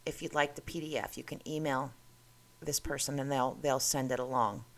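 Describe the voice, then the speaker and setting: Casting: chatty woman host, low voice with gravelly fry, rambling delivery. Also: steady tone, normal speed. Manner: chatty, rambling, self-interrupting. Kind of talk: casual talk reading curiosities.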